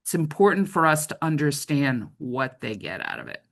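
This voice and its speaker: A woman's voice: low voice, wildly swooping pitch, moderate pace, creaky, a bit bright. A middle-aged woman trainer giving a conversational training lecture, often checking in with "right?".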